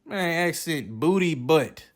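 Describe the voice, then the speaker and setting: A man's voice: on the high side, takes it slowly, background noise. A man giving casual, joking and profane commentary while reviewing movies. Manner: profane, joking, animated reactions.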